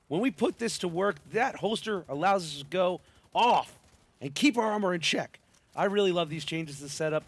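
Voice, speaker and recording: A man's voice: on the high side, dry recording. Hyped man with a sick voice. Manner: hyped, playful, slangy. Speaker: gaming channel host. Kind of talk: casual game build commentary.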